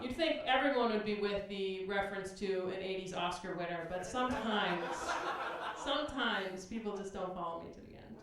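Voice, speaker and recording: A woman doing a stand-up set on a comedy club stage, with a dry, deadpan delivery. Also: medium pitch, normal speed, a crowd in the background. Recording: distant echoey club recording with hiss.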